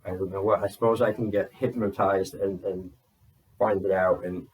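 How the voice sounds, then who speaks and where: A man's voice: sits low, little pitch movement, normal speed, darkish tone, recorded from a distance, poor audio. A man from New Jersey telling a story in loose, rambling talk full of fillers and swearing. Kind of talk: casual spoken account.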